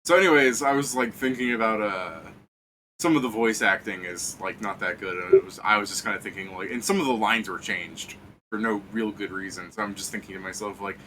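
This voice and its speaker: A man serves as game master on a tabletop game stream. His bright voice sits in a middling range. He rambles and laughs often, and faint noise hums under the talk. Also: on the low side, a little fast, poor audio. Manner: rambling, laughs often, trails off mid-thought. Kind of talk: casual chat during a tabletop game stream.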